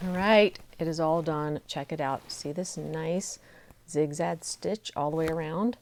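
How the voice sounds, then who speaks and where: A woman's voice: deep voice, a little slow, a little mellow. A middle-aged woman hosting a sewing tutorial, chatty and encouraging as she demonstrates each step at her machine. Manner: chatty and encouraging, talks while working.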